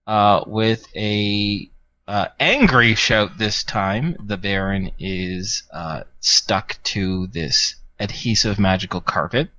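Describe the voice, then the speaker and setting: A man narrating a tabletop game as game master, unhurried, with frequent fillers. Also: lowish voice, pushed and bright, no echo.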